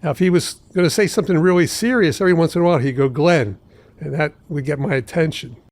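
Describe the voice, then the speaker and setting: A man in his seventies, a trial lawyer hosting his own podcast, telling stories from his cases in a measured, deliberate way. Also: a little high, darkish tone, no echo. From Philadelphia area. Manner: measured, deliberate storytelling with asides. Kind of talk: storytelling podcast monologue.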